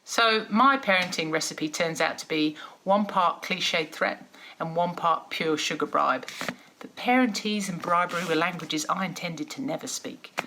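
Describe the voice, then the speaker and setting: A woman with an Australian accent reading her own poem aloud in a wry, expressive, rhythmic way. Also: low voice, slight background noise. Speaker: poet. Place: at home.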